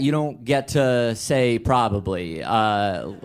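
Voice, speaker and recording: A man's voice: medium pitch, normal speed. Rambling wry male storyteller. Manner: wry, rambling with many restarts and fillers. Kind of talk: live storytelling.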